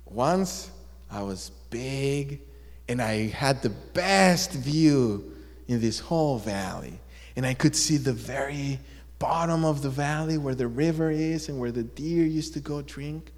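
A man's voice: mid-range voice, expressive, takes it slowly, darkish tone. A man voicing a gloomy rock that keeps complaining its life is miserable, in a mournful, whiny way. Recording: long echo of a large hall.

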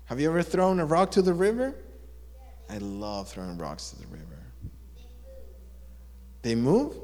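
A man telling a story to listeners in an animated, drawn-out way, asking them questions as he goes. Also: mid-range voice. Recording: long echo of a large hall.

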